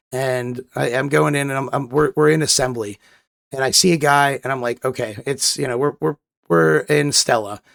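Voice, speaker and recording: Guy rambling thru a game story on a podcast, gravelly voice, dry close sound. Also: medium pitch, no room sound. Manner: rambling storyteller, many restarts. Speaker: podcast co-host. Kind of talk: casual chat.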